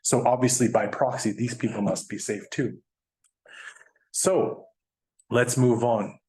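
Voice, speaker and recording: A man, a guest speaker telling a personal story in a chatty, animated way, laughing now and then. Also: mid-range voice, a little slow. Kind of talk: storytelling presentation.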